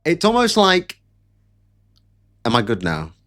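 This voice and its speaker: Man, political commentator, sarcastic, mocking, somewhat high-pitched, live-stream rant. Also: wildly swooping pitch, slow pace, fairly bright tone. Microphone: camera setup at home.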